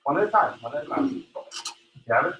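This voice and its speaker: A man's voice: a little high, big pitch swings, fast, lo-fi sound, background noise. A man teaching a law class in a classroom, calling on students by name and tagging his points with "right?" and "okay?". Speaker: law professor. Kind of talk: Socratic classroom lecture.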